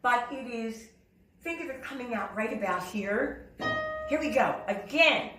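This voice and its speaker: A woman vocal coach teaching a singing lesson, talking in a lively, demonstrative way and breaking into sung and shouted examples. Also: a little high, unhurried, over loud music. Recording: roomy sound, slightly distant from the mic.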